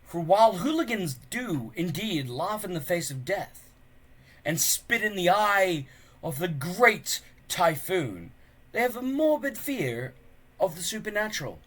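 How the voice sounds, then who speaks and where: A man reading a children's book aloud with expressive, unhurried storytelling. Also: high voice. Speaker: reader.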